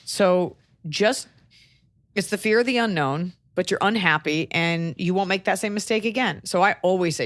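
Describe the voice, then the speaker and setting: A woman hosting a podcast, chatting casually with wry, deadpan jokes. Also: lowish voice, normal speed, no room sound. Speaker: comedian podcast host. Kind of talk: casual chat.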